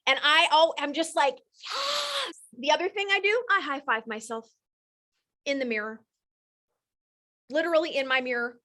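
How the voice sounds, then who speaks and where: A woman in her thirties or forties, hosting a live coaching session with energetic, motivational enthusiasm. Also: high-pitched, moderate pace, pauses often. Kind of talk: live-streamed coaching talk.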